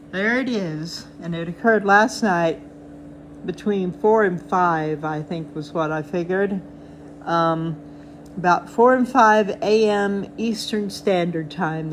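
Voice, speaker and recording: A woman's voice: lowish voice, a little hiss or hum. An older woman hosting a show, chatting casually and cheerfully as she goes over charts. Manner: chatty, cheerful, talks sweetly to her cats. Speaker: host of a chart update show. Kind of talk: casual chat reviewing charts.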